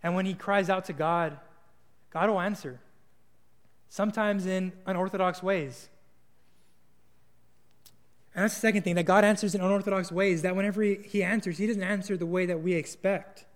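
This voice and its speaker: High-voiced young man preaching in a hall. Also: steady tone, moderate pace, pauses often. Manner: casual, earnest, with small restarts. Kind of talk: sermon with storytelling.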